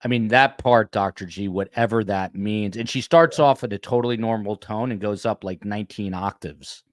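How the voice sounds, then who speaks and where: A man's voice: on the low side, normal speed, dry recording, studio quality. A man hosting a podcast panel, casual and full of fillers as he plays clips. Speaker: podcast host.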